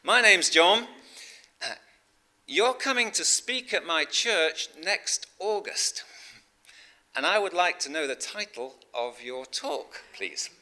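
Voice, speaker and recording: A man's voice: sits high, expressive, slow pace, pushed and bright, pitched above the performer's own voice, exaggerated voice. A preacher putting on a polite Canadian man with a Canadian accent, telling a story within a sermon. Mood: earnest. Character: eager polite Canadian church organiser, male.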